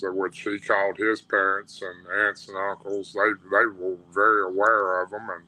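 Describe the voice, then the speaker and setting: Radio guest: man, Tennessee drawl, bright, tense voice, plain-spoken storyteller who restarts his sentences. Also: on the low side, little pitch movement, moderate pace, hardly any pauses, low-quality recording. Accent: Southern US, Tennessee. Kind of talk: telling a personal encounter story.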